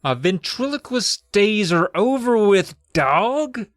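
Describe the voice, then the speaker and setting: A man's voice: sits high, big pitch swings, slow pace, fairly bright tone, dry recording, clean studio sound, pitched above the performer's own voice, exaggerated voice. A man doing a brash, slangy teen girl. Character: tough, foul-mouthed teenage girl.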